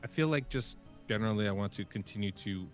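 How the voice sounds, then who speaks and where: A man at a tabletop game lays out his plan haltingly, with many pauses. Faint music plays underneath. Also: lowish voice. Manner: hesitant, fillers. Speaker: player. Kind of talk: tabletop role-play chat.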